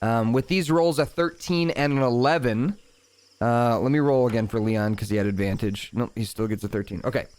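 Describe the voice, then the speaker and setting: Man, dungeon master, calm scene narration, casual asides, smooth clear voice. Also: mid-range voice, fairly quick. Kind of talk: narrating a tabletop game.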